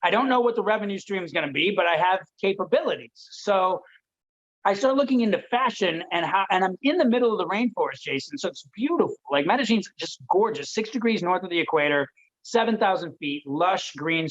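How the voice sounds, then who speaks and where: A man from Detroit, a podcast guest telling a story in a lively way and acting out the voices of people he quotes. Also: sits high, brisk, muffled recording. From Detroit, USA. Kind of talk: animated storytelling.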